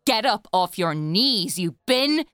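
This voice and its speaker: A woman playing a brash, scheming party guest who talks in grand, melodramatic swings between loud and hushed. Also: mid-range voice, animated, slow pace, clear, resonant tone, dry recording, studio quality. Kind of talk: stage play acting.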